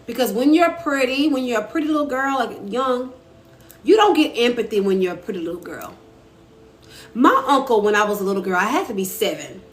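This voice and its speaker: A young woman, an author and live-stream host, talks casually to her viewers and answers their comments as she goes. Her fairly high voice is expressive and a little fast, captured on a phone in an echoey room with faint ambient noise.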